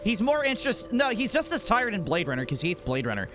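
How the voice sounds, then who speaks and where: A man's voice: high voice, very animated, quick pace, over music. A man streaming a game, chatting casually and telling profane, joking stories in a rambling way. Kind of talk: casual live-stream chat.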